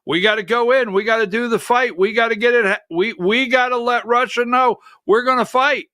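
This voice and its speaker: A man with a very high, bright, forceful voice rants through his political commentary livestream. He swears freely and breaks into angry shouts. His voice sounds close and dry. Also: steady tone, a little fast, no room sound. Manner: fiery, profane ranting with shouted outbursts. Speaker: political commentary show host.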